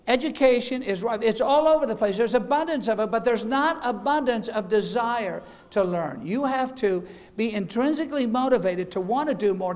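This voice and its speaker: A middle-aged man, founder of a beauty school, giving a chatty graduation speech, cracking jokes and laughing at them, sometimes acting out quoted voices. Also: sits high. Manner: chatty, jokey, laughs at his own jokes. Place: event hall.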